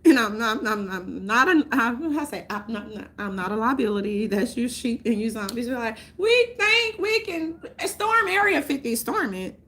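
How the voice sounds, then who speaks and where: A woman, ranting loudly and profanely to her viewers, laughing often. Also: a little high, moderate pace, few pauses. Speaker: vlogger. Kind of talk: unscripted rant to camera.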